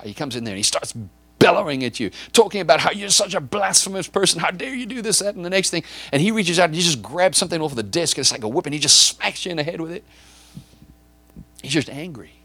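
A man's voice: on the high side, expressive, fast talker, pushed and bright, husky, no room sound. A man preaching a sermon, acting out a scene in vivid detail and often repeating or stumbling over words as he builds it. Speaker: pastor.

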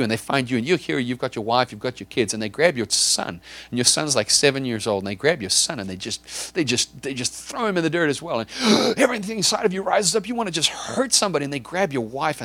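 A man's voice: a little high, a bit bright, dry recording. A man preaching a sermon, acting out a scene in vivid detail and often repeating or stumbling over words as he builds it. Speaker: pastor.

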